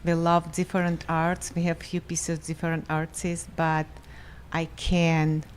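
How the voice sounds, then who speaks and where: Woman, very low pitch, flat tone, simple non-native phrasing, faint ambience. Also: a little slow, a little hiss or hum. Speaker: gallery co-owner. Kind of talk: casual interview chat. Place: art gallery during a live event.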